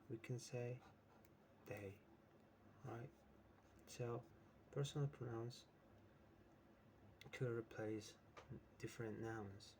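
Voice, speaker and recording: A man's voice: fairly low pitch, a little mellow, a little hiss or hum. A man teaching an English lesson who explains with many examples and keeps checking in with "right?". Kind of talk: slow, patient English lesson.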